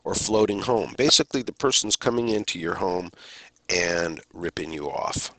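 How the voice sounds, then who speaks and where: A man giving a recorded criminal justice lecture in a measured, deliberate way, pausing and sometimes restarting a phrase. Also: sits low, animated, bright, forceful tone, no room sound. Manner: measured, deliberate delivery with pauses and occasional restarts.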